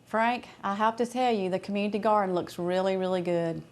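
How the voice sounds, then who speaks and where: A woman's voice: medium pitch, fairly even intonation, a little fast. Chatty American woman hosting a cooking show. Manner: chatty and homey, thinking aloud while serving. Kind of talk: casual cooking show chat.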